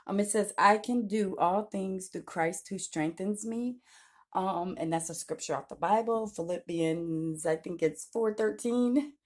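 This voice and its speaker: A woman, a YouTuber and self-published author, chatting through an excited unboxing vlog on her phone camera and gushing often. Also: medium pitch, measured pace. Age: adult with a daughter. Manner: gushing and excitable, repeats "oh my gosh". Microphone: phone camera held by hand.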